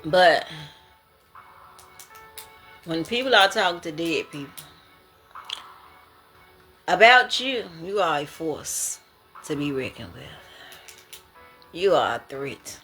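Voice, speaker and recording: A woman's voice: low-pitched, animated, takes it slowly, long pauses, pushed and bright, faint music behind. A woman sharing her prophetic dreams in a casual spoken monologue, emphatic and slangy, often laughing and exclaiming.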